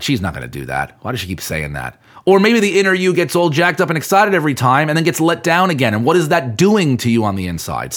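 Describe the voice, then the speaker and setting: A man hosting a podcast, talking earnestly to the listener in a coaching manner about keeping commitments. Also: mid-range voice. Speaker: podcast host. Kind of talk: motivational podcast talk.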